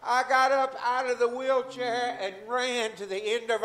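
A middle-aged man, a physician, giving a fervent, emotional testimony in church and breaking into shouts of hallelujah. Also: extremely high pitch, flat delivery, measured pace, echoey room, slight background noise. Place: church sanctuary.

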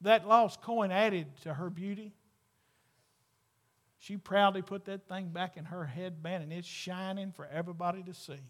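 A male pastor, preaching a sermon to a church congregation in a fervent, emphatic way that builds to loud exclamations. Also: sits high, steady tone, moderate pace.

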